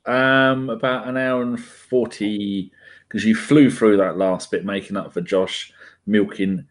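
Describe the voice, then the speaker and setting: A man's voice: fairly low pitch, fairly even intonation, measured pace. A man, co-hosting a casual podcast chat, joking and laughing often. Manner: jokey, laughs often, banters. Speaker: podcast co-host.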